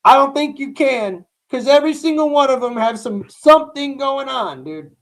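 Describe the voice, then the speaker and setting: A man's voice: very high-pitched, expressive, normal speed. A man hosting a live stream, talking casually and bluntly to his chat in rambling, profane rants. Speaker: livestream host reacting to news.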